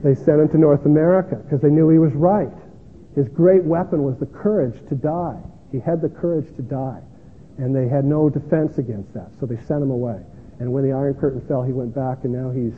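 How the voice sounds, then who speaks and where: A man's voice: mid-range voice, slight background noise. A man preaching a sermon as a pastor, earnest and self-deprecating, often restarting his words. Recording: tinny lo-fi sound in a long-echoing hall.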